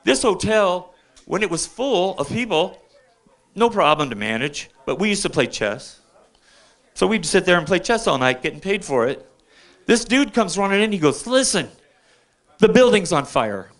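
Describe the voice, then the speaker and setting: A man's voice: high voice, expressive, normal speed, a bit bright. An older man doing rambling stand-up stories at an open mic on a bar stage, often checking in with the crowd. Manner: chatty, keeps checking in with the crowd.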